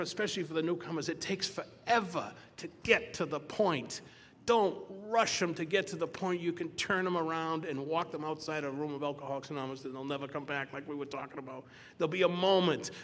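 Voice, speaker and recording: An older man telling his personal story to a recovery meeting, animated and repeating phrases for emphasis. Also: a little high, slightly rough. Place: meeting hall. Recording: roomy hall reverb, faint background ambience.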